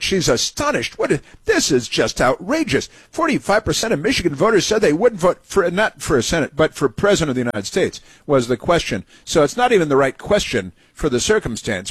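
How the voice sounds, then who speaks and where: A male talk radio host rambles through a sarcastic monologue, stumbling over fillers and restarts. His voice is husky and the sound is dry and close. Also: medium pitch, no room sound.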